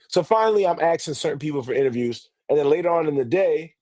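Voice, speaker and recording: A man spins a story on a casual podcast, animated and loose with his swearing, acting out each exchange as he goes. His voice sits a touch high for a man. The sound is dry and close, with no room around it. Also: quick pace, no room sound. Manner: animated, swears a lot, acts out quotes. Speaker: interviewer for a grappling promotion.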